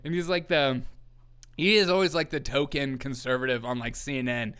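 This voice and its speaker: A man's voice: medium pitch, steady tone, normal speed, a bit bright, clear, resonant tone. A man hosting a comedy news show, sarcastic and laughing often as he riffs. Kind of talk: casual comedic commentary.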